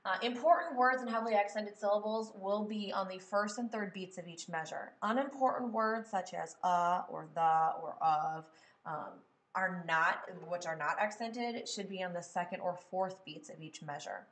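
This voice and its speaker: A woman's voice: mid-range voice, normal speed, fairly bright tone. A woman music teacher giving a patient step-by-step lesson, saying words aloud to test which syllable is stressed. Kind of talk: step-by-step classroom tutorial. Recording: echoey room.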